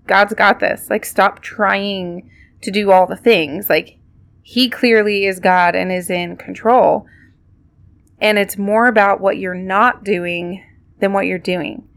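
A woman's voice: medium pitch, steady tone, slow pace, gravelly, dry recording. A woman hosting a podcast, giving a casual devotional talk in a reflective, conversational way with many fillers. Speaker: podcast host.

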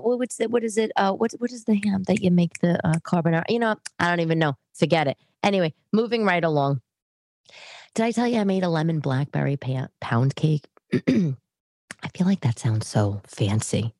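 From her living room, a middle-aged podcast host rambles through a casual monologue, chatting freely and drifting into tangents. She speaks at a normal speed in an expressive voice on the low side, with no room sound.

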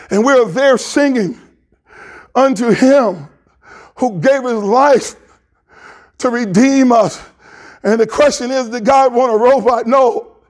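Man, pastor, very high voice, slow deliberate delivery, tearful, impassioned sermon. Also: darkish tone. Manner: impassioned, emotional preaching. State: crying. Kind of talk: sermon with prayer.

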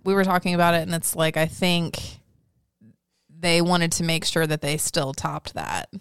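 Low gravelly-voiced woman chatting. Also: moderate pace, no room sound, clean studio sound. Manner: agreeable, short replies, hedging with fillers. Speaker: podcast co-host. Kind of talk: casual chat. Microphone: studio podcast mic.

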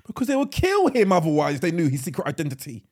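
Animated rambling man telling a story. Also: a little high, fast, husky. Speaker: podcast co-host. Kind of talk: casual chat.

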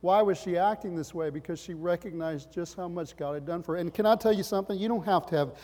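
A man preaching a sermon as pastor, impassioned, swinging from loud emphatic lines to quiet earnest ones. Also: high voice, quick pace, big-room sound.

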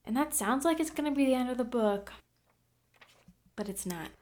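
A woman's voice: on the high side, normal speed. A woman chatting casually about a novel with a friend, sometimes reading passages aloud. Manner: reads passages aloud, animated. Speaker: co-host. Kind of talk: casual book discussion.

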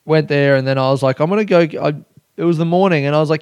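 A man's voice: fairly high pitch, quick pace, a little mellow, clear, resonant tone, dry recording, clean studio sound. A young man hosting a casual solo podcast, rambling and self-mocking, swearing often and laughing at himself. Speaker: podcast host.

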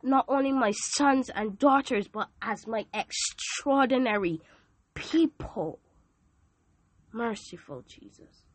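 A woman's voice: a little high, takes it slowly, no echo. A woman hosting a podcast, giving an emphatic, preachy devotional talk with joking asides. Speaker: podcast host.

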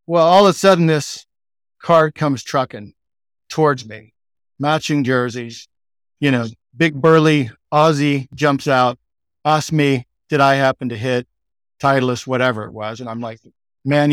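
This podcast guest is a sales executive from Texas, a middle-aged man with a medium-pitched, clean voice and a Texan accent. He relaxes into a casual, talkative story, leaning heavily on fillers like "like" and "you know." The sound is clean studio audio without echo.

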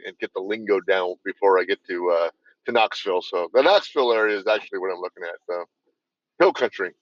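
A man's voice: on the low side, a bit bright, no echo, lo-fi sound. A man from California in a casual comedy chat, swearing freely in laid-back banter. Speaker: podcast co-host.

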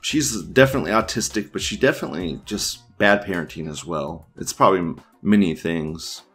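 A man's voice: deep voice, a little fast, a bit bright, husky, faint music behind. A man hosting an online news show, casually reading forum posts aloud and riffing on them in a crude, rambling way, laughing often and restarting his sentences.

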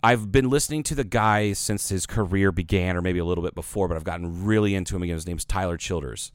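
A man's voice: deep voice, fast talker, smooth, no room sound. A man co-hosting a podcast in casual chat, rambling with lots of fillers and swearing. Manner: rambling, profane, heavy filler words. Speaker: podcast co-host.

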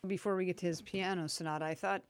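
A woman's voice: lowish voice, steady tone, fast, clean tone, faint music behind. A woman chatting casually as a co-host, explaining things with lots of fillers and little laughs. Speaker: co-host talking about drinks. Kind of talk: casual chat.

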